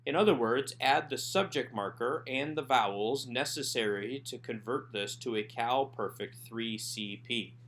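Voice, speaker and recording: A man of medium pitch narrates a recorded lesson over slides. He talks his listeners through each exercise and slows right down to sound out words syllable by syllable. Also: a bit bright, a little hiss or hum. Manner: slow, careful enunciation of Hebrew words. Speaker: Hebrew teacher.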